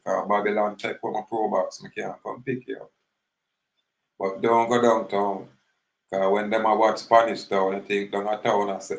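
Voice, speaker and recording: Jamaican man, low gravelly voice, rambling casual commentary in patois, recorded in an echoey room. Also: fairly even intonation, moderate pace. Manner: rambling, mixes patois with English, acts out little scenes.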